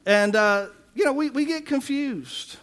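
A man's voice: very high voice, expressive, measured pace, a bit bright. A man in his forties preaching a sermon, telling stories in a conversational way with self-deprecating humor. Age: 40s. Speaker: pastor.

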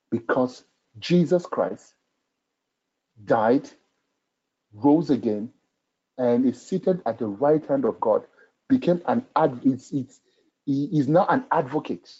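A man's voice: medium pitch, dark tone, slightly rough, muffled recording. A man preaching a sermon and reading scripture aloud, stressing his points by repeating phrases.

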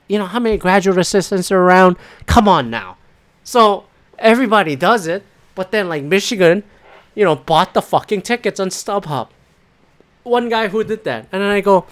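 A man's voice: high-pitched, expressive, moderate pace, fairly bright tone. Heated, profane man ranting about sports. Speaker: podcast co-host. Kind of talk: casual sports rant.

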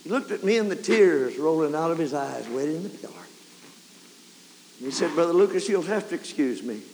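A man preaching a revival sermon, telling a story and building to fervent shouts. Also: fairly high pitch, expressive, brisk, vocal fry. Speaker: evangelist preacher. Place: large camp meeting hall or tabernacle. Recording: 1990s camp meeting tape, hall reverb, faint hiss.

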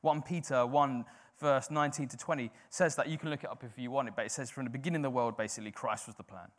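A man's voice: medium pitch, fairly even intonation, fast. A man preaching a sermon in an informal, conversational way, often filling with "like".

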